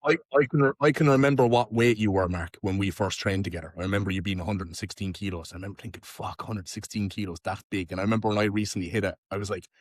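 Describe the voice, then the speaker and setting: A man with a Tipperary Irish accent, hosting a casual podcast chat and telling lively stories with plenty of swearing. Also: on the low side, quick pace, few pauses, no echo, clean studio sound. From Ireland. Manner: lively storytelling, frequent swearing. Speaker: podcast host.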